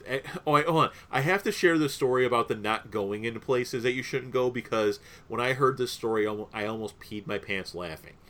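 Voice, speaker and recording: A man's voice: mid-range voice, brisk, few pauses, a bit bright. A young man co-hosting a podcast in casual, rambling chat, with many fillers. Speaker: podcast co-host.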